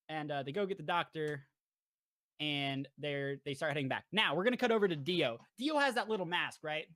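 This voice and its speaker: A young man casually recapping a show for his co-hosts, rambling and jokey, slipping into quick character voices. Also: a little high, expressive, fairly bright tone, no room sound. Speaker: podcast host presenting slides.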